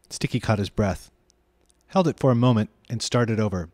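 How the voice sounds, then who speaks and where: A man narrating a children's novel aloud in an expressive, measured way. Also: on the low side, no echo, studio quality. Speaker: reader. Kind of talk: storybook narration.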